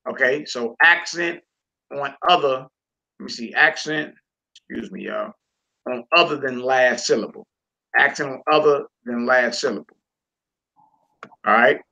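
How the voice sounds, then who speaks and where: A man teaching a casual homeschool Hebrew lesson, slowly drawing out and repeating each word for his students. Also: medium pitch, gravelly, pushed and bright, lo-fi sound.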